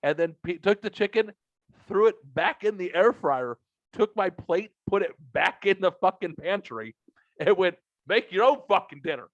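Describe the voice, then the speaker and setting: Profane, animated storyteller man. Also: sits high, moderate pace, no echo, muffled recording. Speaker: podcast co-host. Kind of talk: casual comedic storytelling.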